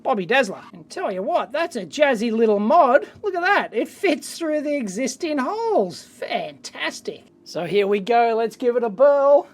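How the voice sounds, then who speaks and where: A very high-pitched man with an Australian accent hosts an electronics video, doing a casual, hands-on mailbag unboxing. He chats excitably as he opens his mail, tossing out quick exclamations.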